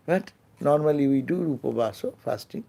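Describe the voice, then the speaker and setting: Gravelly, mellow-voiced swami teaching slowly. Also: male voice, fairly high pitch, expressive. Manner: slow, halting delivery with many restarts and fillers, trailing off softly at phrase ends. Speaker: swami giving a scripture class. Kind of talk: unscripted spiritual lecture. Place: temple lecture hall.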